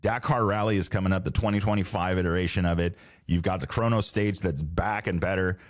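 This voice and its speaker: Low-voiced rambling man hosting a podcast. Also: fairly even intonation, brisk. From Southern California. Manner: rambling, self-correcting, laid-back slang. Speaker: podcast host. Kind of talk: casual solo podcast chat. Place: home podcast studio.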